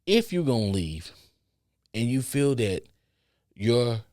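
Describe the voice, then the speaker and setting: A man's voice: medium pitch, very animated, slow pace, darkish tone, no room sound, studio quality. A man hosting a podcast, telling a story in casual chat that rambles and repeats, with stutters, restarts and free swearing. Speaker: podcast host.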